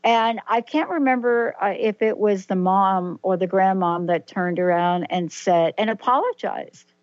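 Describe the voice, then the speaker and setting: A woman's voice: mid-range voice, unhurried, no echo, muffled recording. A woman hosting a radio talk show, speaking thoughtfully and reflecting aloud, often restarting her sentences. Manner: thoughtful, hesitant, with frequent restarts. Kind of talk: casual radio chat.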